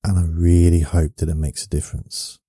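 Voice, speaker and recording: A man hosting a podcast, softly spoken, rambling along in a meandering monologue meant to lull listeners to sleep. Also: low voice, flat delivery, brisk, husky, no echo. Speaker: podcast host.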